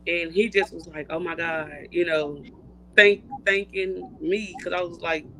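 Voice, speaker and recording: A woman's voice: fairly low pitch, unhurried, slight background noise, poor audio. A woman from Louisiana, a mother telling stories as a guest in a casual chat. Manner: animated storyteller, laughs while telling.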